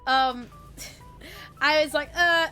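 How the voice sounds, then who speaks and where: A woman's voice: high-pitched, animated, normal speed, bright, forceful tone, soft background music. A woman streamer casually telling a story to her chat, swearing freely, laughing often and breaking off to read out chat messages.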